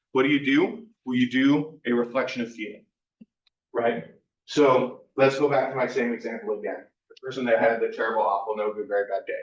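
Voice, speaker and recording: A male workshop presenter talks his students through the material in a relaxed, conversational way, checking in with a questioning "right?" again and again. He sounds some way off the mic in a roomy classroom, and the recording is muffled and lo-fi. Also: medium pitch, recorded from a distance. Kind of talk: live workshop lecture.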